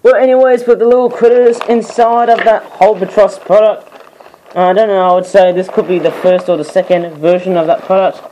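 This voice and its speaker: Hoarse man with an Australian accent. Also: high-pitched, steady tone, a little fast, dark tone, slight background noise, poor audio. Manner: rambling, hesitant, self-correcting. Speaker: toy reviewer. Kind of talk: casual product review vlog.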